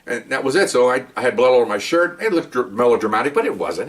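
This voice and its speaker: A man's voice: mid-range voice, expressive, fast talker, recorded from a distance. An older man, a retired police officer, tells rambling stories in a casual monologue, often repeating words and asking "okay?".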